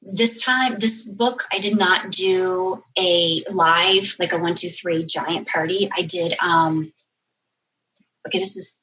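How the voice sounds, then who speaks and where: A woman author, a guest on a podcast, telling a story in casual, animated chat and correcting herself as she goes. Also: on the low side, poor audio. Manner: animated storyteller, quick asides and self-corrections.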